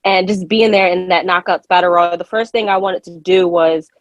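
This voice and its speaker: A woman's voice: lowish voice, steady tone, moderate pace, no room sound, lo-fi sound. A woman with a New Jersey accent, a wrestler guesting in a casual interview, laid-back and rambling.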